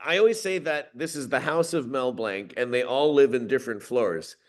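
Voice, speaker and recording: Easygoing voice actor guest, middle pitch. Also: male voice, normal speed. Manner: easygoing, joking. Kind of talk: casual interview.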